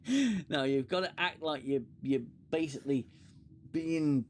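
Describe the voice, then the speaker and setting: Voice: medium pitch, lively intonation, unhurried, a little mellow, a little hiss or hum. A podcast co-host in casual chat, giggling and swearing through banter.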